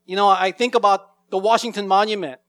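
A man preaching an expository sermon, slowing down to read scripture lines with weight and emphasis. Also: sits high, fairly even intonation, fairly bright tone, dry recording. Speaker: pastor.

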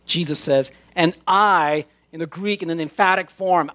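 A man preaching a sermon, slowing down and stressing his words as he quotes scripture. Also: on the high side, fairly bright tone. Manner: slow, emphatic preaching with drawn-out scripture quotes. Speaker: pastor.

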